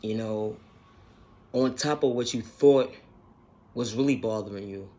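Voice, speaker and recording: Speaking a little slowly, a male self-help vlogger with a lowish, dark-toned voice talks about self-healing. It's a relaxed yet earnest motivational monologue where he repeats himself and swears occasionally.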